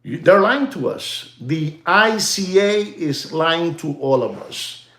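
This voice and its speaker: A man delivering a rambling monologue about the market as a show host. He has a somewhat high voice, talks excitably and repeats himself, and he often turns to address his audience directly. The sound carries a noticeable room echo. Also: slow pace. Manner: excitable, repetitive, addresses "ladies and gentlemen".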